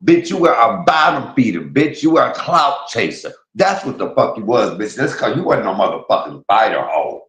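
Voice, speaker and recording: A man's voice: medium pitch, very animated, normal speed, hardly any pauses, fairly bright tone, roomy sound, poor audio. A man hosting a stream, delivering a vulgar roast rant full of repeated taunts and insults. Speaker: streamer host.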